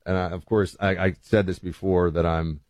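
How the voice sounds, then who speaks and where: A man's voice: deep voice, level tone, normal speed, darkish tone, no room sound, studio quality. A man hosting a show in a casual monologue, rambling with frequent restarts and fillers. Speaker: podcast host and author.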